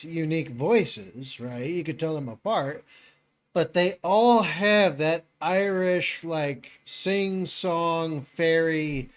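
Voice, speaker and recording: Slow-talking man chatting on stream. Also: on the high side. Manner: rambling, laughs often. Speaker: live streamer. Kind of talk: casual live-stream chat.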